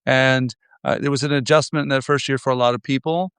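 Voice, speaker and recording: Smooth-voiced wry man. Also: medium pitch, steady tone, fast, a bit bright, dry recording. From United States. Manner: wry, rambling, many restarts. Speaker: podcast host. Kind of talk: casual podcast conversation.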